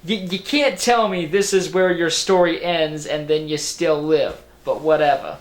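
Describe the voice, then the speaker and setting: A man reviews a movie casually, rambling, making sarcastic jokes, swearing freely and slipping into a Boston accent. His voice is on the high side and a little slow, with roomy room echo on the recording.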